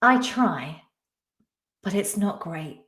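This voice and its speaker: A woman's voice: medium pitch, animated, takes it slowly, a bit bright. A woman hosting a live-stream quiz, chatting casually and reading out viewers' names and answers. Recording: echoey room.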